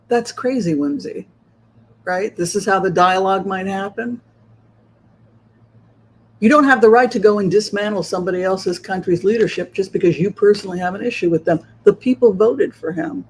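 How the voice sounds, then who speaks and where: Man, high-pitched, tarot reader, rhetorical solo monologue, plays out other viewpoints. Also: a little mellow, a little hiss or hum. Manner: rhetorical, keeps asking "right?"; acts out opposing viewpoints. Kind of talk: solo political commentary monologue.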